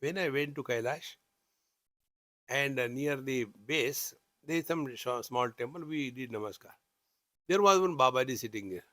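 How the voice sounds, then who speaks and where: A man's voice: medium pitch, moderate pace, sharp tone, no echo, clean studio sound. A man with an Indian English accent teaching scripture, chanting Sanskrit verses and explaining them with humor. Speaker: spiritual teacher. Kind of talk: scripture discourse.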